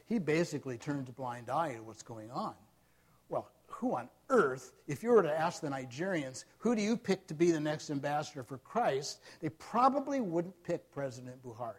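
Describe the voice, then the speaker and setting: A middle-aged man preaching a sermon, telling stories with bursts of loud emphasis that fall back to quiet asides. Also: breathy edge. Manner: storytelling, rising to loud emphasis then dropping low.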